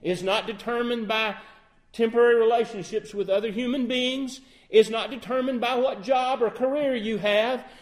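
A man's voice: very high-pitched, fairly even intonation, moderate pace. A middle-aged man preaching a sermon in an earnest way, often asking his listeners questions and acting out sample phrasings. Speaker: lay preacher.

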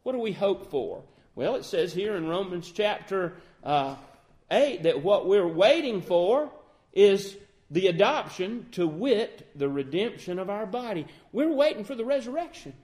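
Male preacher, sermon delivery, higher-pitched voice, earnest with emphatic swells and quiet reflective stretches. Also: big pitch swings. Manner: earnest, rising to emphatic peaks then quieting to soft reflection; quotes King James scripture in measured cadence.

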